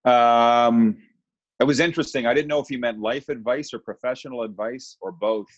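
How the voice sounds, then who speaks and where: A man's voice: mid-range voice, steady tone, normal speed. Candid middle-aged man, lo-fi sound. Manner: candid, storytelling, self-deprecating. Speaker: guest. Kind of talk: casual podcast interview. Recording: dull lo-fi sound.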